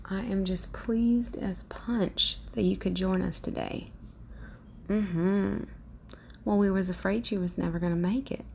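A woman's voice: medium pitch, steady tone, unhurried, vocal fry, a little mellow, a little hiss or hum, pitched above the performer's own voice. A woman voicing a sweet, welcoming Southern belle hostess with a Southern US accent and a gushing, genteel drawl.

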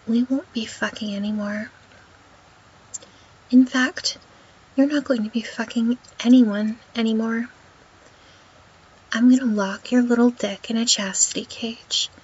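A woman in a whispered role-play, talking in a domineering, teasing way with a breathy voice. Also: a little high. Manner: domineering and teasing, slow and deliberate. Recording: dull lo-fi recording.

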